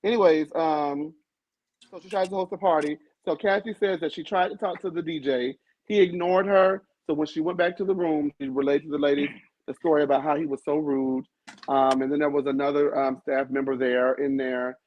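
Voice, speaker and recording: A man hosting a casual review panel, sassy and theatrical with quick comebacks, over a video call. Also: on the high side, steady tone. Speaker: panel host. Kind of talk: casual pop-culture review chat. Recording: dull lo-fi dry audio.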